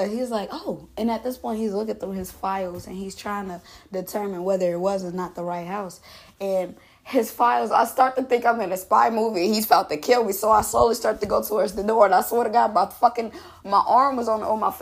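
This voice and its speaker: A woman's voice: medium pitch, steady tone, fairly quick, vocal fry. A woman in her twenties hosting a podcast, telling a story in a loose, profane, casual monologue. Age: 20s. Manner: loose, profane, laughs often. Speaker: podcast host.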